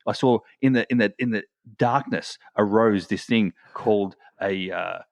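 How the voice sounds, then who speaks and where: A lower-pitched man co-hosts a podcast in easy conversation, spinning long stories and circling back on himself. His voice sits close to the mic with no room sound at all. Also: normal speed, creaky, no echo. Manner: rambling, builds long stories with many restarts. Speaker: podcast co-host. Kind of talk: casual chat.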